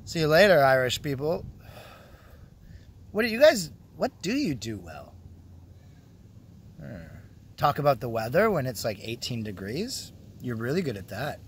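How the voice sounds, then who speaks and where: A man's voice: medium pitch, sing-song, measured pace, long pauses, a little hiss or hum. A man vlogging casually from a park, joking, teasing and swearing freely as he rambles to his phone. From Canada. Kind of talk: casual rambling monologue to camera. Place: outdoor park.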